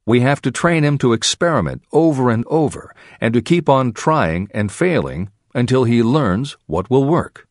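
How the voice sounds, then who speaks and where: A man reading a self-help audiobook aloud in measured, expressive storytelling. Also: medium pitch, dry recording, studio quality. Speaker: audiobook narrator. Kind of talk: scripted audiobook narration.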